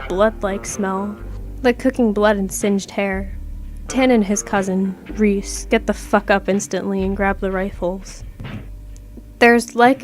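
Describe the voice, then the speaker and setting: Woman, horror story narrator, casual reading, profane, mid pitch, faint background music. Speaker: creepypasta narrator.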